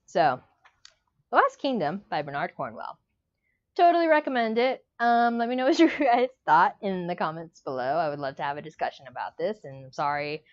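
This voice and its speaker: Gushing woman reviewing a book, lo-fi. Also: lowish voice. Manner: gushing, emotional, rambling. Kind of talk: casual book review vlog. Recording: dull lo-fi sound.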